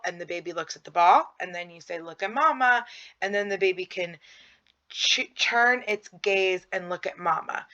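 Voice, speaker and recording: Woman, early childhood educator, bright tense voice, lowish pitch, dull lo-fi audio, explanatory with ums. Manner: explanatory, many ums, acts out prompts. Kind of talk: narrated slideshow lesson.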